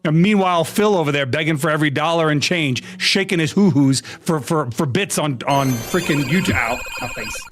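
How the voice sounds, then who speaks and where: A man's voice: on the high side, normal speed, hardly any pauses, a bit bright, slight background noise. A man live-streaming to his chat in a casual, exasperated way, swearing and laughing a lot. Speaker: VTuber streamer.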